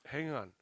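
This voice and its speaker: A man's voice: very high voice, pushed and bright, dry recording. A man co-hosting a casual podcast, ranting profanely and exasperatedly about his week. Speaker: podcast co-host. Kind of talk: casual chat.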